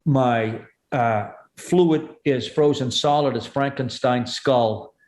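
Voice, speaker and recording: A man, a guest comedian, telling vivid comic stories in rapid bursts. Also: mid-range voice, a little mellow. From Canada. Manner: rapid, vivid comic storytelling with voiced impressions. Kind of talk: animated storytelling chat. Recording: echoey room.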